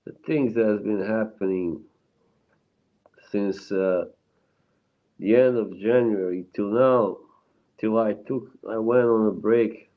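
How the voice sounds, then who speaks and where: A man's voice: on the low side, slow pace, long pauses, narrow, tinny audio. A man chatting on a casual live stream, rambling and swearing as he answers his chat, emotionally shaken.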